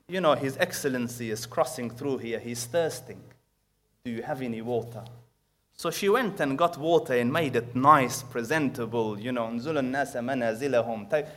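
Guy giving a sermon, storytelling, bit higher voice, gets loud then quiet. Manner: storytelling with acted quotes and recited Arabic verses; swings from loud emphasis to hushed tender asides. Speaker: preacher.

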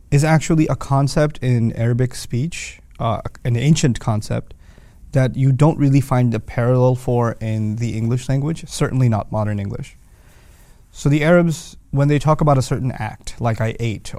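A man teaching a relaxed spoken lesson at a medium pitch, patient and plain-spoken. He works through everyday examples and lifts his voice for emphasis. The recording is close and dry, with no room sound. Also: no echo. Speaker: Quran teacher.

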